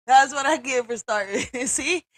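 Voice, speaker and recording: A woman hosting a casual livestream, candid and quick to swear and laugh. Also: high-pitched, no room sound, low-quality recording. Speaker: livestream host.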